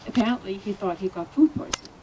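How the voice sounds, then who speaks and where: A woman speaking at a memorial about a friend and tenant, halting and hesitant with fillers. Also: mid-range voice, expressive, background noise. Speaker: friend giving a eulogy. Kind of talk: memorial speech.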